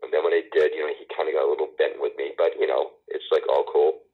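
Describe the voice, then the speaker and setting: A middle-aged man telling stories as an interview guest, halting with many restarts and fillers, and a wry sense of humor. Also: extremely low pitch, level tone, husky. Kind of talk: casual storytelling conversation. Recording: tinny phone line.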